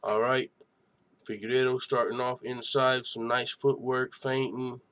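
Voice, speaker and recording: A man's voice: mid-range voice, flat delivery, measured pace, a bit bright. A young man hosting a live fight-night stream, giving hyped, slangy reaction commentary and chatting with viewers.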